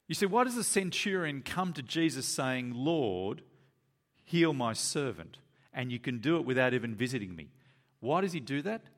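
A man preaching a sermon, reading scripture and then explaining it in an animated way, acting out the voices of Jesus and the disciples. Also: mid-range voice.

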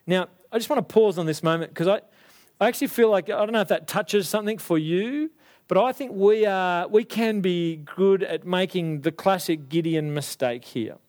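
A young adult man preaching a sermon, animated and acting out the voices of biblical figures. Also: high-pitched, moderate pace.

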